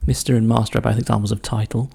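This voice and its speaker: Male solver, dark husky voice, musing aloud and whispering clues to himself as he works. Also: fairly low pitch, flat delivery. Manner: muses slowly, often muttering clues under his breath. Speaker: crossword solver. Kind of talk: thinking aloud while solving a puzzle.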